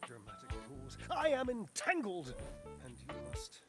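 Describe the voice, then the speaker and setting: A man's voice: high-pitched, huge pitch swings, unhurried, a bit bright, breathy edge, dry recording, exaggerated voice. An actor playing a verbose, theatrical man in a dating game, melodramatic and self-pitying, heard over game music. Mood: pleading.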